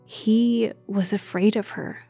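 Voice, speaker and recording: A woman narrating a story in a slow, measured reading. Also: medium pitch, steady tone, gravelly, warm tone, soft background music. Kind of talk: audiobook narration.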